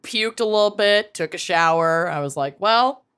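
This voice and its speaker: A woman's voice: lowish voice, moderate pace, clean tone. A woman co-hosting a podcast, telling rambling stories in casual chat. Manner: animated, rambling storytelling. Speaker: podcast co-host.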